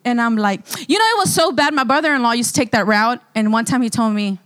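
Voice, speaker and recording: Woman pastor, high voice, animated church testimony full of laughter. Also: fast talker, few pauses, smooth. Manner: animated storytelling, breaks into laughter often. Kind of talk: sermon testimony. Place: church service.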